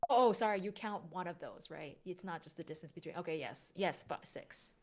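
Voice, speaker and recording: Low-voiced woman co-commentating a game. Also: lively intonation, fairly quick. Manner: conversational, peppered with "like", asks questions. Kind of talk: casual livestream commentary on a board game.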